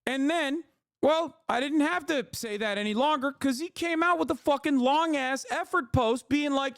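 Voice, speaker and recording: A man's voice: very high-pitched, normal speed, a bit bright, no echo, studio quality. A man in his thirties, a streamer giving casual, profane, exasperated commentary on news.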